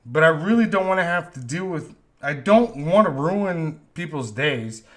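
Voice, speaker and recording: A man's voice: on the high side, fairly bright tone. A man ranting on a live stream, frustrated and profane, often repeating himself. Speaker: live stream host, vector artist.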